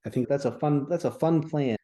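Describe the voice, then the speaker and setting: A man's voice: fairly high pitch, brisk, mellow. A man being interviewed as a comedian guest, appreciative and laughing easily while he thinks aloud. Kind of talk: casual conversational interview.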